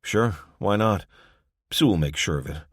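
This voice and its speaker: A man's voice: low-pitched, animated, moderate pace, no room sound. A man voicing a weary, watchful survivor who speaks in short, dry remarks. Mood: laconic. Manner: laconic, dry.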